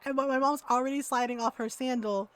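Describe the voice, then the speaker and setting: Lively, laughing woman streamer, fairly high voice. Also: quick pace, clean tone. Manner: animated, laughing storyteller who acts out quotes. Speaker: game streamer. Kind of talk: casual storytelling chat while gaming.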